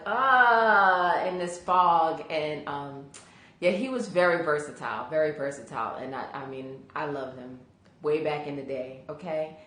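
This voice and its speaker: A woman's voice: sits low, a bit bright, echoey room. A woman career coach hosting a casual live stream, chatty and greeting viewers by name, sleepy from allergies.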